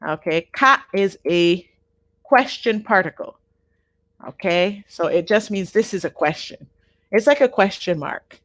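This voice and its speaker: A woman teaching a live online Japanese class, patient and repeating each word slowly for her learners. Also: mid-range voice, lively intonation, fairly bright tone, no room sound, studio quality.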